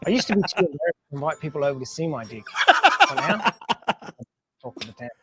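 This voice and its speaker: A man with a New Zealand accent playing an earnest pitchman in a comedy commercial voice-over. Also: sing-song, quick pace, a bit bright, faint music behind. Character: earnest male deck-sealant pitchman. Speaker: ad spokesman.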